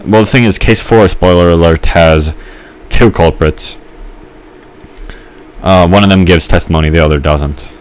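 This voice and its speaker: A man's voice: low-pitched, moderate pace, clean tone. A young man giving a rambling let's-play commentary, musing and hesitant with many fillers and restarts. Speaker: gamer.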